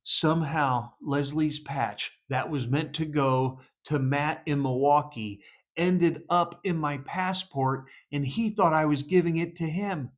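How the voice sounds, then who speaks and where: A man from the United States, a police psychologist, telling stories in a casual vlog, animated and laughing often. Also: a little high, a little slow.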